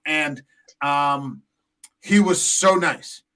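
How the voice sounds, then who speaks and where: A man with a high, bright, forceful voice tells a rambling story on a casual podcast. He swears freely and piles on fillers, clearly enjoying his own anecdote. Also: extremely slow, low-quality recording. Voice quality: tall man, six foot five. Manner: profane, animated anecdote-telling with many fillers. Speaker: podcast co-host.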